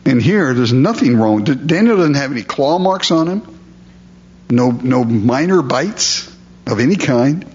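A man preaching a sermon, reading scripture aloud and then explaining it in a relaxed, conversational way. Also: medium pitch, a little slow, slightly rough, lo-fi sound. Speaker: pastor.

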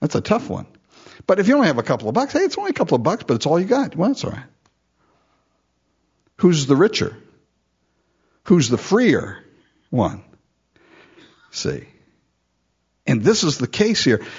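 A male pastor gives an animated sermon and tells a story with chuckling asides. His voice is husky and swings widely in pitch. The recording sounds dull and lo-fi.

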